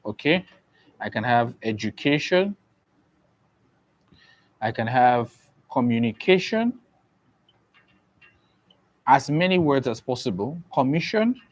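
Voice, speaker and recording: A man's voice: mid-range voice, animated, dull audio. A man teaches an online exam-prep lesson at an easy pace. He repeats each point several times and keeps checking that his students follow. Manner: slow, repetitive explaining with frequent "okay?" checks.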